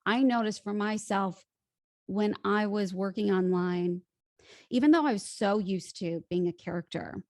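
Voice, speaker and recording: American lady voice coach, gravelly, animated storyteller, dry close mic. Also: mid-range voice, a little slow, no room sound. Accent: General American. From United States (Illinois). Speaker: podcast guest, voice coach. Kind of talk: casual interview chat.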